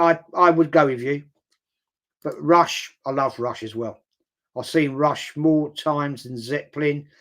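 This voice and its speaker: An older man hosting a casual live chat, rambling bluntly, swearing casually and repeating words for emphasis. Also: a little high. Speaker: host. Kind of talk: casual live-stream chat reading viewer comments.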